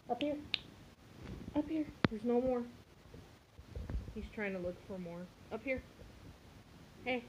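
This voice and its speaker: A woman's voice: on the high side, dull audio, noisy background. A woman in a casual pet vlog at home, cooing baby talk at her cat and laughing often. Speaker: pet vlogger.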